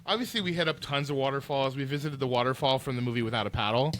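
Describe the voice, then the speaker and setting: A man with a mid-range voice talks at a racing pace, co-hosting a podcast in casual chat. He's an animated storyteller whose tales ramble on, packed with filler "likes."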